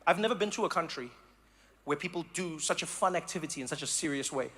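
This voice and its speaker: A man from South Africa doing stand-up comedy, animated and acting out voices and sounds. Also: on the high side, fast, heavy background noise. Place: live comedy venue.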